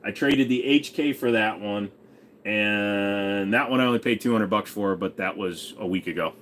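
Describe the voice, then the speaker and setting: A man's voice: lowish voice, moderate pace, fairly bright tone. A man hosting a casual livestream, rambling in a crude, profane, joking way. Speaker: livestream host.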